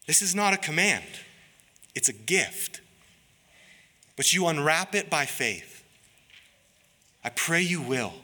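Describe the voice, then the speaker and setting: A pastor delivers an earnest sermon, his voice very bright and forceful. He preaches at an unhurried pace and pleads with his listeners. Long reverb from a large hall trails his words. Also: a little high, big pitch swings.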